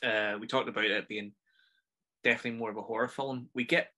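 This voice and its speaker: A man's voice: mid-range voice, steady tone, fast talker, bright, forceful tone. A man with a Northern Irish accent hosting a casual film review podcast, chatty and enthusiastic as he rambles through his thoughts. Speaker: podcast host.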